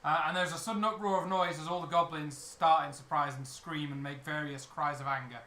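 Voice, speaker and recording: A man with a high, bright voice narrates a tabletop game as its master. He talks in an easy, halting way, with fillers. The sound is roomy, with faint hiss behind him. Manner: relaxed, hesitant with fillers, laughs while narrating. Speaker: dungeon master. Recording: echoey room with faint noise.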